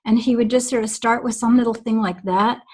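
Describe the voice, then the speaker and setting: A woman's voice: on the high side, steady tone, a little fast, darkish tone, low-quality recording. A woman guest on a recorded call, telling stories from long ago in a reflective, rambling way with many fillers. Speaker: guest recalling early days.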